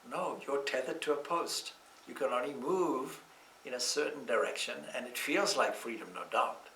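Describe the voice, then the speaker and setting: A man with a bright, clear voice gives a calm, reflective scripture class. He sits back from the microphone, and the room around him rings with echo. His phrasing is slow and deliberate. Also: medium pitch, recorded from a distance, slight background noise. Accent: Irish. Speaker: monk teaching scripture. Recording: echoey room, speaker off-mic.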